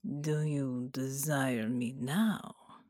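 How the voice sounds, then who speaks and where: A woman's voice: extremely low pitch, steady tone, dry recording, studio quality, voice pushed down, full character voice. A woman voicing a whispering, menacing male captor. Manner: slow, hushed, breathy whisper.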